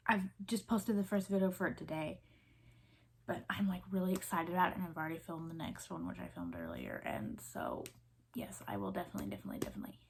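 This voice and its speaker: A woman's voice: lowish voice, animated, fast, gravelly, noisy background. A woman in her twenties from the US South with a Southern accent, chatting casually as a vlogger, rambling with many fillers and restarts. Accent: Southern American. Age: 20s. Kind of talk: casual chat.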